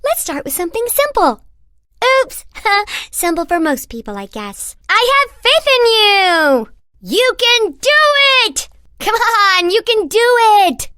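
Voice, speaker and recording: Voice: extremely high pitch, big pitch swings, slow pace, pushed and bright, dry recording, clean studio sound, full character voice. An actor voicing a mocking, gleeful rainbow boss in a video game, sneering and sing-song as it taunts the player. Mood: chirpy.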